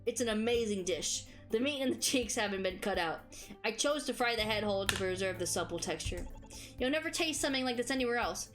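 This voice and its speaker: A woman's voice: fairly high pitch, animated, fairly quick, music in the background, natural voice. A woman voicing a stubborn, terse male master chef who talks bluntly. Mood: proud.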